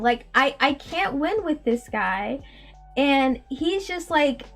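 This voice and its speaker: Woman streamer recounting an awkward ride; high voice, unhurried delivery, laughs a lot, light music underneath. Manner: animated, laughing, exasperated, many "like" fillers. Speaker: indie game developer streaming. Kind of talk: casual storytelling.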